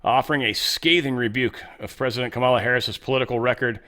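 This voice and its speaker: A man's voice: mid-range voice, fairly even intonation, fast talker, pushed and bright. A man runs a casual political commentary show in a blunt, opinionated voice. He reads posts and poll figures aloud.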